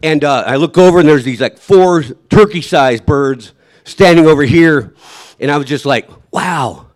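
A man telling a personal survival story in a halting, emotional way, often trailing off and restarting, and acting out his own shouts. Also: fairly high pitch.

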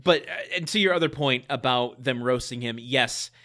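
A man co-hosting a podcast, recapping a sitcom in casual chat, animated and quick to laugh, with a slightly pedantic streak. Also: mid-range voice. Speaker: podcast co-host.

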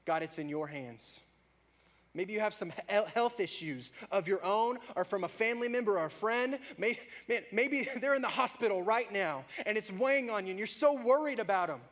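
A man preaching a sermon, rising to loud, fervent prayer and dropping back to a soft, conversational tone. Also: expressive, moderate pace. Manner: builds to loud, high-pitched fervor in prayers; drops to soft, low conversational tone between peaks. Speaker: pastor.

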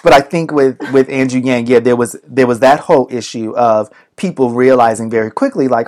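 A podcast co-host with a Boston accent, speaking in a casual, measured way. The speaker listens closely, often agrees, and lays out points calmly. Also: mid-range voice. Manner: measured, agreeable, frequent affirmations. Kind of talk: casual chat.

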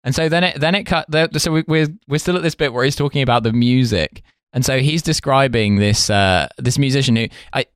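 A man's voice: medium pitch, fairly quick, clear, resonant tone, dry recording, clean studio sound. Man recapping a story on a podcast. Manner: storytelling recap with lively quoted impressions. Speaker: podcast co-host. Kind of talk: casual chat, recapping a documentary.

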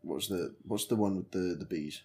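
A man's voice: deep voice, moderate pace, darkish tone. A man co-hosting a film podcast, chatting casually about a film and sometimes trailing off as he searches for words. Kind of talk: casual film review chat.

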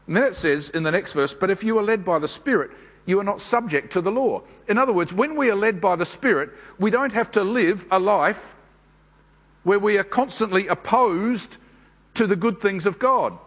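Male preacher with a high voice, unhurried sermon delivery, reverberant church hall. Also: expressive, fairly bright tone. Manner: measured, unhurried delivery with frequent pauses and fillers. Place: church service.

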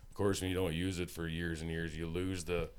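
A man from Saskatchewan, a musician, telling relaxed, rambling, self-deprecating stories in a recording studio. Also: low voice, a little fast, clear, resonant tone. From Saskatchewan, Canada. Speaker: musical guest, singer-songwriter. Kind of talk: casual storytelling chat.

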